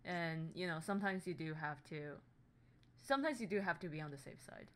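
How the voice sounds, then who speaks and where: Brief: woman, podcast co-host, blunt and sweary, bright voice. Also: deep voice, animated, brisk, a little hiss or hum. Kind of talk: casual chat.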